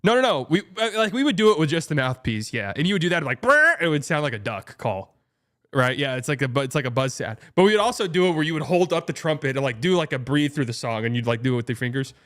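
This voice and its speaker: A man's voice: medium pitch, animated, quick pace, fairly bright tone. Rambling, swearing young man telling stories. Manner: rambling storyteller, laughs often, swears, imitates trumpet buzzes. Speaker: streamer and show host. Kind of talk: casual livestream chat.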